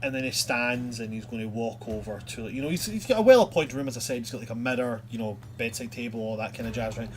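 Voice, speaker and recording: A man's voice: mid-range voice, quick pace, hardly any pauses, a little hiss or hum. A man narrating a tabletop game as game master, chatty and loose. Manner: chatty, loose, many fillers.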